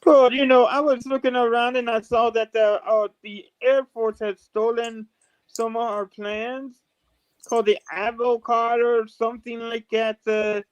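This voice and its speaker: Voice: medium pitch, little pitch movement, measured pace, clear, resonant tone, lightly acted. A crude, joking male alien visitor, put on by a panelist, rambling and hesitant with fillers everywhere. He moans about being copied and swears he only came for fun. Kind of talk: comic panel role-play.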